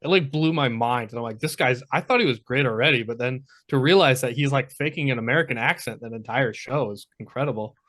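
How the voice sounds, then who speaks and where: A man's voice: mid-range voice, fast talker, hardly any pauses, fairly bright tone. A man chatting casually on a podcast, talking with enthusiastic, wide-eyed admiration. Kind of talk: casual chat.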